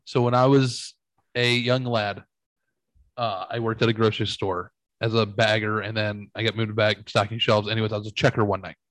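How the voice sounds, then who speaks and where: A man's voice: fairly low pitch, little pitch movement, normal speed, fairly bright tone, dry recording, rough recording. A man in his thirties hosting a casual chat, telling stories with lots of swearing and acting out the people he quotes. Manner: profane, storytelling, acts out quoted voices. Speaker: podcast host.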